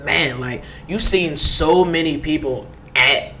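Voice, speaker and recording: A man's voice: fairly high pitch, takes it slowly, slight background noise. A young man hosting a casual podcast interview, talking loosely with lots of fillers. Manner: relaxed, lots of "like", hypes guests. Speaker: podcast host.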